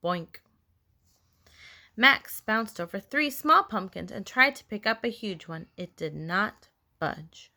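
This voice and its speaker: A woman reading a children's story aloud, expressive, with playful sound effects. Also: medium pitch, a little slow, vocal fry. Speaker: storybook reader.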